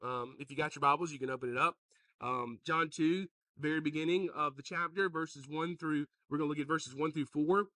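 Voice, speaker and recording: A pastor preaching a sermon, joking with the congregation and calling out to them. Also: male voice, fairly high pitch, a little fast, no echo, recorded from a distance. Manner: joking, animated, calls out to the congregation.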